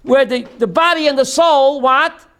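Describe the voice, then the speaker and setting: Rabbi guy teaching a class, real high voice, slow, quizzes the room as he goes. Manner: call-and-response, asking the class "what?"; animated, drops into quoted voices. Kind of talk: teaching a class on Jewish theology.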